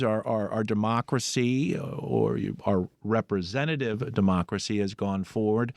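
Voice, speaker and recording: Radio host, animated, lively pitch, dry studio sound. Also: male voice, dry recording. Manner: animated, musing questions. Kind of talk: public radio interview.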